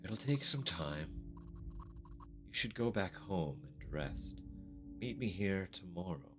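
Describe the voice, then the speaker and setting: A man's voice: low-pitched, takes it slowly, over music. A man streaming a game, reading the characters' dialogue aloud and breaking off to laugh and joke. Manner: reads dialogue in a flat voice, breaks into laughs and swearing. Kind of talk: let's play, reading in-game characters' lines with live commentary.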